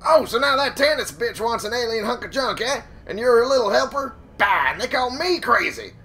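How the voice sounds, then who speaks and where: Man doing a crazy old hermit: pitched way up, grumbling and ranting. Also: animated, a little fast, bright, forceful tone, heavily acted. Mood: cranky ranting.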